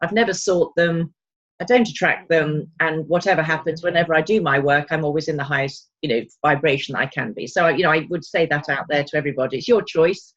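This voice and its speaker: A woman's voice: low-pitched, quick pace. A woman co-hosting a spiritual chat podcast, talking in a chatty, reflective way. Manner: chatty, reflective, with folksy asides. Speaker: podcast co-host. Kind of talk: casual chat. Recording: slightly dull lo-fi audio.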